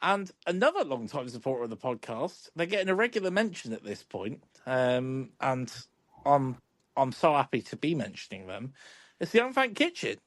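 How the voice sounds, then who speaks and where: A man's voice: medium pitch, very animated, moderate pace, dry recording. A man hosting a football podcast, laid-back and chuckling, with lots of ums. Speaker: podcast host. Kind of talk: casual chat.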